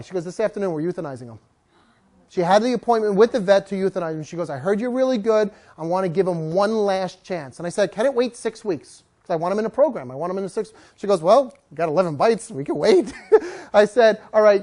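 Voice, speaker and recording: A woman dog trainer giving a jokey talk to an audience, acting out little voices of owners and dogs. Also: medium pitch. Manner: animated, jokey, acts out voices of people and dogs.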